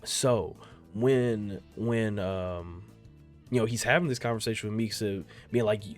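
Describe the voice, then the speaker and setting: A young man giving casual commentary on an anime episode, rambling and profane, repeating himself and jumping suddenly loud and high when worked up. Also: measured pace, faint music behind. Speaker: anime reaction video creator.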